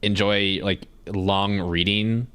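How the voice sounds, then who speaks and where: A man with a somewhat low voice chats casually while streaming a game. He has a slight lisp and softens his consonants, and he rambles in a self-deprecating way. A faint hiss of background noise sits under his desk mic. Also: steady tone, takes it slowly. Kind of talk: casual chat while gaming.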